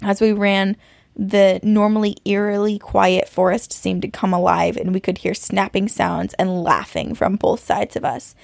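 A woman co-hosting a podcast, reading a listener's frightening story aloud with suspense and slowing down at the tense parts. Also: mid-range voice, fairly even intonation, creaky, a little mellow, dry recording. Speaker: podcast co-host.

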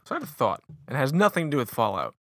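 A man's voice: medium pitch, sing-song, very fast, a bit bright, dry recording, clean studio sound. A man co-hosting a podcast, chatting casually and swearing, stumbling over words as he reads aloud. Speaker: podcast co-host.

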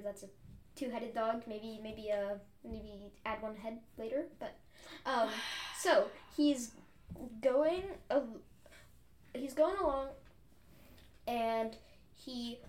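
A young woman with a high voice co-hosts a casual chat podcast. She retells an old myth in a rambling, giggly way, full of fillers and restarts. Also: a little mellow, a little hiss or hum. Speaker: podcast co-host.

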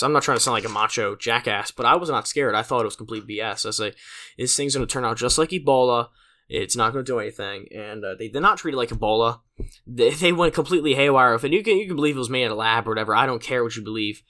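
A man's voice: medium pitch, animated, quick pace, pushed and bright. A teenage man hosting his own podcast, rambling casually with lots of fillers and self-deprecating asides. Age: late teens. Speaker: podcast host. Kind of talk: casual solo podcast monologue.

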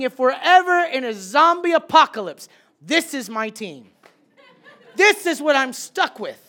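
A man preaching a sermon as a pastor, animated, swinging between loud bursts and hushed, quiet lines. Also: sits high.

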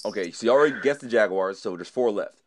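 A man's voice: lowish voice, quick pace. A man hosting a casual sports podcast, quizzing his co-hosts with stats and joking around. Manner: animated, quizzing friends, jokes and impressions. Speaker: podcast host.

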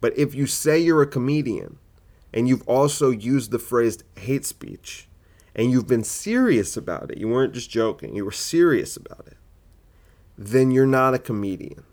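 A man's voice: mid-range voice, lively intonation, moderate pace, darkish tone. A man, a comedian, arguing his point in a solo podcast monologue, full of rhetorical questions and fillers.

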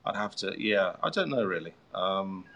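A man with a fairly low voice talks casually as a guest author. He rambles through his stories with self-mocking humor, full of fillers and restarts. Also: very animated, moderate pace, gravelly, bright, forceful tone. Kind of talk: casual chat.

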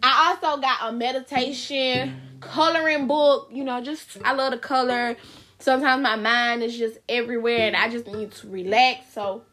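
A woman's voice: on the high side, steady tone, moderate pace, sharp tone. A young woman hosting her own podcast in a chatty, informal way, talking straight to her listeners. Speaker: podcast host. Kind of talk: casual solo podcast chat. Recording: faint music behind voice.

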